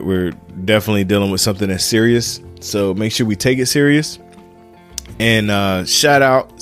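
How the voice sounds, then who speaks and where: Fired-up man preaching podcasting. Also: low voice. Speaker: podcast host. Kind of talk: casual motivational podcast monologue.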